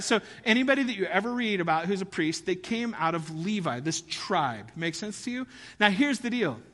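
A man's voice: high voice, a bit bright, long reverb tail. A man preaching a sermon as pastor, conversational and often asking the audience questions.

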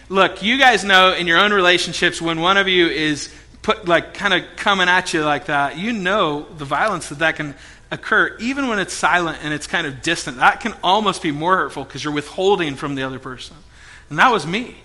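A man preaching a sermon to his congregation, telling a story with animated acting, quoting people and swinging between loud and soft. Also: sits high. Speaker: pastor. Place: church hall before a congregation.

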